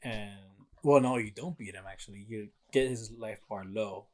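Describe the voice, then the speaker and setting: A young man co-hosting a podcast, excitedly retelling a video game's plot in casual chat and swearing freely. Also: fairly low pitch, moderate pace. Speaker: podcast co-host.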